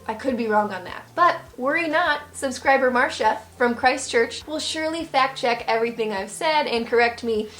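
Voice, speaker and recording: A woman's voice: a little high, a bit bright. An American woman vlogging with sarcastic, mock-serious humor. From United States. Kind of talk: comedic vlog monologue.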